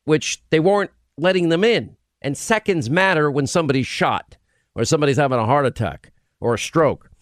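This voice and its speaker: A man's voice: a little high, expressive, brisk, dry recording, studio quality. A man hosting a radio talk show, delivering an emphatic, impassioned monologue full of restarts. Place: radio studio. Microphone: studio microphone.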